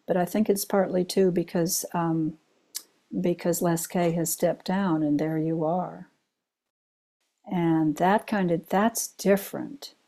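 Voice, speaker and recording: An older woman, a retired chaplain, giving a Zen dharma talk full of personal stories, told in an unhurried way with gentle laughs. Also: on the low side.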